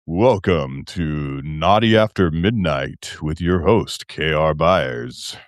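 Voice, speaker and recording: A man doing a smooth, drawn-out voice of a late-night radio announcer on his live stream. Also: extremely low pitch, expressive, dry recording, studio quality, pitched below the performer's own voice, heavily acted.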